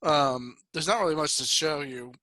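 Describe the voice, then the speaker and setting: A man's voice: a little high, normal speed, pushed and bright, no room sound. A man in his twenties co-hosting a podcast over a video call, rambling casually and swearing freely. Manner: loose, profane, rambling storytelling. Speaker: podcast co-host. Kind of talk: casual chat.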